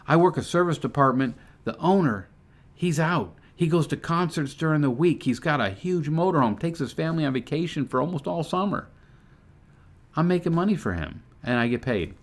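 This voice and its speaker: A middle-aged man giving an earnest, excitable motivational talk to camera about his online business, his voice jumping up when he gets fired up. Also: medium pitch.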